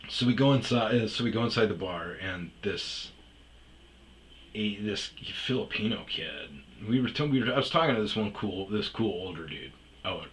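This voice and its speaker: A man's voice: fairly low pitch, lively intonation, moderate pace, slight background noise. A man telling a story casually, rambling and swearing freely as he goes. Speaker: storyteller host.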